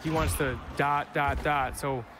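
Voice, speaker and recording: An excitable man with a Wisconsin accent calls a football video game in a slightly raised voice. He laughs easily and banters with his co-hosts. Faint street noise hums behind him. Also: on the high side, unhurried. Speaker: esports commentator. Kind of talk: casual esports commentary.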